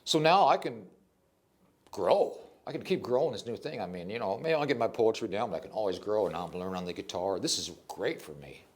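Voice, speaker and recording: Older man, interview guest, casual storytelling, lively swooping pitch, frequent restarts. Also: a little fast.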